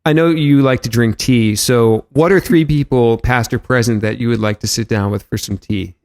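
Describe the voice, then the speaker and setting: A man's voice: medium pitch, moderate pace, darkish tone. A man hosting a podcast interview, speaking in a nasal, easygoing way with plenty of fillers. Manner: easygoing, filler-heavy, thinks aloud. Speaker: podcast host.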